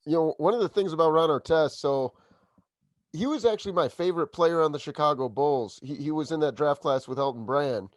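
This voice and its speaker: A man's voice: on the high side, fairly quick, no room sound, dull audio. A man hosting a podcast, talking in an eager, chatty way. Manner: eager, chatty fan talk. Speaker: podcast host. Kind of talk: casual podcast chat.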